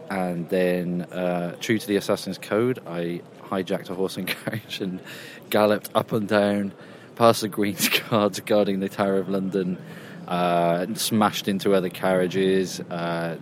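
A low-pitched man rambles chattily with plenty of fillers while casually reporting from a games convention. He's recorded outdoors in a quieter area, with slight background noise.

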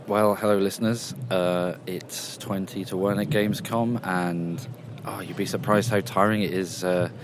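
Reporting casually from a quieter outdoor area at a games convention, a man chats and rambles with many fillers. His voice sits low at normal speed with fairly even intonation, and there's slight background noise.

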